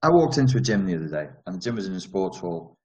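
A man's voice: sits low, big pitch swings, fast talker, a little mellow, low-quality recording. A man hosting a live stream, reading viewer comments and answering them in a rambling, self-interrupting way with wry asides.

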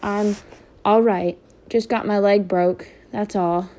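A woman's voice: mid-range voice, fairly even intonation, takes it slowly, dark tone, close to an everyday voice. Storybook woman voicing a wounded father, faint and weak. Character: injured gentle farmer father.

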